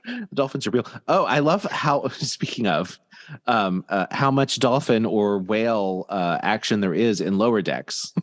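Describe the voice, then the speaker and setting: A man's voice: fairly low pitch, a little slow, big-room sound. A man hosting a podcast, chatting casually, often laughing and filling gaps with ums. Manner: laughs often, fillers, animated. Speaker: podcast host. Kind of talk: casual chat.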